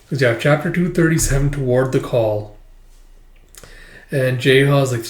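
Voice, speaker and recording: A man casually retelling a comic chapter panel by panel, reading out the dialogue between relaxed, filler-heavy asides. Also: medium pitch, moderate pace. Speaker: manga reader and commentator. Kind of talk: casual manga read-through. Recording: roomy echo.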